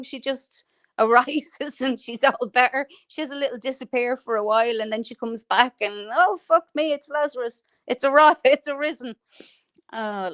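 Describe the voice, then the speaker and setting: A woman with a medium-pitched voice hosts a livestream, ranting in a foul-mouthed, mocking way and laughing at her own insults. The recording is dry, with clean studio sound.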